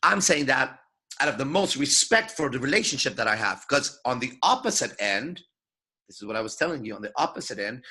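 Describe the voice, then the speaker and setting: A man's voice: mid-range voice, lively intonation, normal speed, pushed and bright, breathy edge. A man giving an unscripted lecture as a dating coach, talking in a swaggering, profane, emphatic way.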